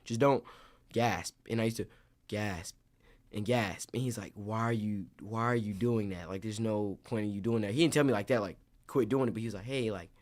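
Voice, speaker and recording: A young man, an actor, telling stories in a casual interview, animated and acting out what others said. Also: lowish voice, moderate pace. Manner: animated storyteller, acts out quotes.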